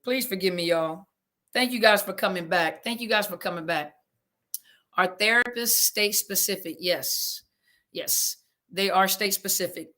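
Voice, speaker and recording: Reading listener comments aloud during a live audio room she hosts, a woman therapist replies casually with a Southern flavor. Her bright, forward voice sits at medium pitch and moves at a measured pace, and she keeps offering flustered, homey apologies after technical slips.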